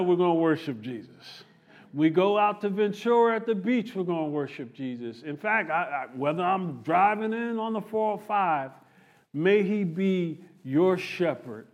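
A man delivers a sermon in a fairly high voice. His preaching is animated, swinging between loud, excited peaks and quiet, low asides. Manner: animated preaching, rising and falling emphasis. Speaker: pastor.

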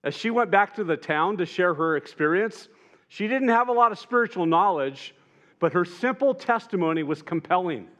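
A man preaching a sermon in an earnest way, rising to emphatic peaks and dropping soft and tender at moments. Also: high-pitched, animated, normal speed. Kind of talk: sermon retelling gospel scenes.

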